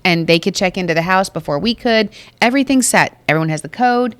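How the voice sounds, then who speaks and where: A woman's voice: medium pitch, fast talker, no room sound. A woman co-hosting a podcast, telling stories in a chatty way and acting out quotes. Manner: chatty storyteller, animated quotes. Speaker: podcast co-host. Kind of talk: casual chat. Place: photo studio in a mall.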